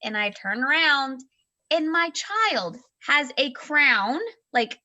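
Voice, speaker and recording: A woman in her thirties with a high, bright voice, co-hosting a casual book club podcast. She tells stories in an animated, expressive way and acts out the voices of the people she quotes. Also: very slow, lo-fi sound. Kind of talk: casual storytelling chat.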